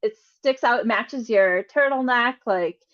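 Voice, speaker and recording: A woman hosts an online interview and gushes over her guest with lots of giggles. Her voice sits a little high. The audio is dull and lo-fi, like a video call. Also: takes it slowly, a bit bright. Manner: enthusiastic, gushing, giggly. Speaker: interviewer, host.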